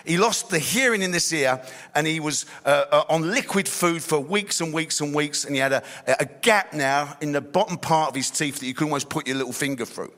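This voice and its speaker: A man's voice: a little high, a little fast, a bit bright. A middle-aged man tells a personal testimony in a blunt, streetwise way, often adding "you know.". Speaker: speaker giving a personal testimony. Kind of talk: storytelling testimony.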